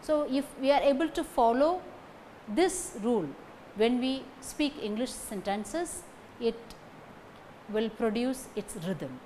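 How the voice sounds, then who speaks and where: A woman giving a recorded lecture on phonetics, speaking deliberately, repeating example sentences and checking in with "okay" between points. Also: fairly high pitch, lively intonation, warm tone, slight background noise, low-quality recording.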